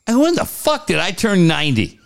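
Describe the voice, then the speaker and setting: A man's voice: high voice, fairly quick, vocal fry. A man co-hosting a casual podcast, swearing a lot as he tells stories. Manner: profane, animated storytelling. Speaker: co-host.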